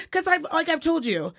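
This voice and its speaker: A woman's voice: extremely high pitch, vocal fry, fairly bright tone. Chatty young woman podcast co-host. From Reno, Nevada. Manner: chatty, swears freely, laughs often. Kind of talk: casual chat.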